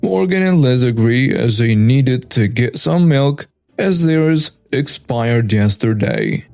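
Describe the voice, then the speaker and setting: A man narrating a first-person story in a brisk, scripted way. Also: mid-range voice, sing-song, vocal fry, a little mellow, no echo. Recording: dry with faint music.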